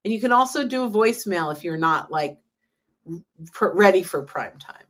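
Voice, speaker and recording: A woman's voice: mid-range voice, lively intonation, moderate pace. A woman, a sales trainer, chatting casually on a podcast, eagerly explaining her method and acting out sample conversations. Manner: enthusiastic, acts out example dialogue. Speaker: LinkedIn sales trainer, guest.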